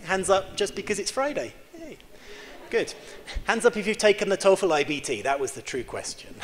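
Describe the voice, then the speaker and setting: A man giving an interactive keynote lecture in a large conference hall, joking and quizzing the audience with quick questions. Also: fairly high pitch, fairly bright tone. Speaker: keynote speaker. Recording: reverberant hall with faint background hum.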